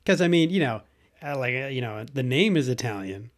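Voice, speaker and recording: A man's voice: mid-range voice, expressive, brisk. Teasing man joking in casual podcast chat. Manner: teasing, joking, laughs often. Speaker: podcast co-host.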